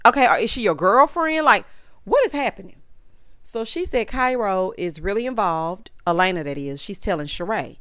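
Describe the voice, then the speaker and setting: A woman, giving a sassy, animated reality TV recap and calling her viewers honey and child. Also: mid-range voice, normal speed, dry recording, clean studio sound. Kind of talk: casual recap commentary.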